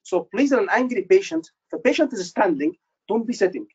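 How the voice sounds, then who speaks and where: A man tutoring doctors for an exam, quizzing his class with quick questions and repeating key phrases for emphasis. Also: sits high, big pitch swings, darkish tone, husky, lo-fi sound. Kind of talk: live teaching session.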